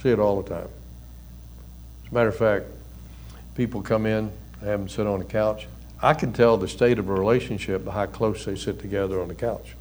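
An older man, a pastor and counselor, giving a conversational sermon with folksy stories and soft chuckles. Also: on the low side, steady tone, a little fast, a little hiss or hum.

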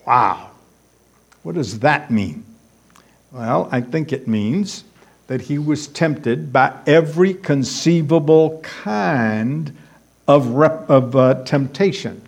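Slow, emphatic male preacher. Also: mid-range voice, expressive, breathy edge. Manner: emphatic, repeats key words for stress. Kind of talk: sermon.

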